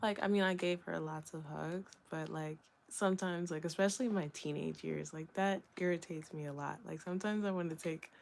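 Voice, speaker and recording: A young woman talking through her thoughts in a candid solo vlog. Her voice sits a little low, and she rambles gently with lots of fillers and small laughs. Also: fairly even intonation, brisk, gravelly, few pauses, a little hiss or hum. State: hiccups. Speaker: vlogger. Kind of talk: reflective solo vlog talk.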